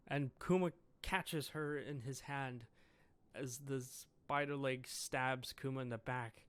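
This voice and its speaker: A man's voice: mid-range voice, steady tone, slow, smooth, no echo. A man giving a casual solo review of a comic chapter, reading lines aloud and commenting with chuckles. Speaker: manga reviewer.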